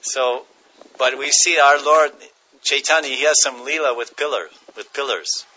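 A man's voice: medium pitch, moderate pace, bright, forceful tone, highs cut off, a little hiss or hum. A man giving a devotional class, chanting verses, translating them and chuckling as he tells stories. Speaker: spiritual teacher.

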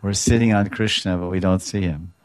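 Deep-voiced male preacher, animated storyteller, dry close recording. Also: brisk, dry recording. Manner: animated storytelling, explains terms, chuckles. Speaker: devotional speaker. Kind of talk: devotional talk retelling scripture stories.

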